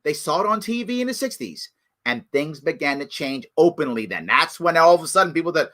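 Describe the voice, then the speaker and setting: A middle-aged man giving impassioned solo commentary as a talk show host, emphatic and preachy, dropping from outrage to low pleading. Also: sing-song, a little fast. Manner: emphatic and preachy, jumps from loud outrage to low hushed pleas.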